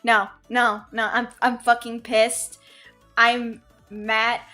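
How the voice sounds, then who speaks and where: High, bright excitable woman streamer. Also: slow pace, soft background music. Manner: excitable, swears and scolds chat loudly. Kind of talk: casual live-stream chat.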